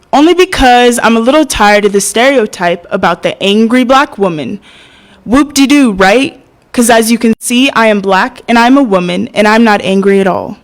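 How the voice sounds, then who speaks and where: A young woman performing spoken word poetry at an open mic, hesitant and soft-spoken between poems, passionate when she recites. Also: on the high side, poor audio. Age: young adult.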